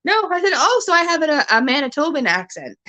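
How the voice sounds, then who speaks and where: Canadian woman host, slightly high voice, loose rambling chat, quick to laugh. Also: sharp tone. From Ontario, Canada. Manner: rambling, chatty, laughs often. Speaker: livestream host. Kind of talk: casual chat. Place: at home. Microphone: camera on a stand.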